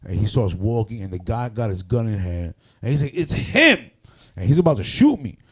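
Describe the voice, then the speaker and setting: A man, a radio personality and MC, telling loud, animated stories on a podcast and swearing often. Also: mid-range voice, normal speed, slightly rough. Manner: animated, loud, acts out other people's voices, swears often. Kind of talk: casual storytelling on a podcast.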